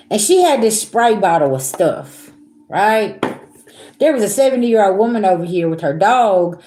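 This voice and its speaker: A young woman, telling a story to her viewers in a blunt, animated, profane way. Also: mid-range voice. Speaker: spiritual reader vlogger. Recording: roomy echo.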